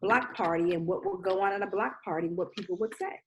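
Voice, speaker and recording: A woman with a middle-pitched voice lays out her view of a TV episode, pausing to find her words. Faint noise sits behind her. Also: dull audio. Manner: searches for words, gives considered opinions. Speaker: podcast co-host. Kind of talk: casual chat recapping a TV episode.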